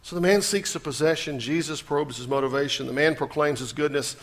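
A male pastor preaching a sermon, swinging between loud emphasis and hushed, intense moments. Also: a little high, fairly quick.

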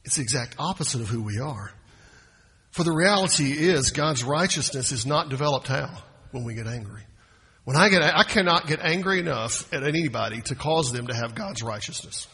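A man's voice: mid-range voice, lively intonation, fairly quick, bright, forceful tone, husky, in a large hall. A man preaching a sermon in a conversational, folksy way, often restarting his phrases. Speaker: pastor.

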